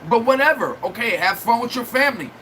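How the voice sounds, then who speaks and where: A man's voice: very high-pitched, lively intonation, fast, pushed and bright, a little hiss or hum, rough recording. A man livestreaming in a casual chat, venting at length to his viewers in a rambling, upset way. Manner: rambling, restarts and fillers.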